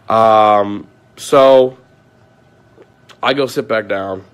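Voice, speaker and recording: A man's voice: medium pitch, moderate pace. A man vlogging, ranting at length to his viewers in an aggrieved, repetitive way, often swearing.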